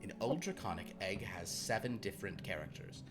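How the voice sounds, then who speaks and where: A man's voice: low-pitched, expressive, fairly quick, over music. A man running a tabletop game as game master, thinking aloud and hesitating often.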